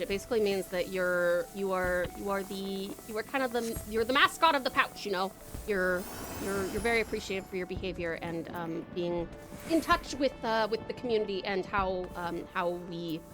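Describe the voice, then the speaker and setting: A woman's voice: mid-range voice, pushed and bright. A woman with an Australian accent, chatting casually with viewers while she plays a game on a live stream, rambling, swearing and laughing often. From Tasmania, Australia.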